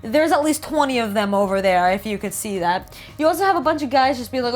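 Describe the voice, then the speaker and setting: A woman's voice: a little high, lively intonation, fast talker, hardly any pauses. A woman with a New Jersey accent, casually riffing and joking as she reads about game art. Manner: chatty, jokey, reads aloud and riffs. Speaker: host.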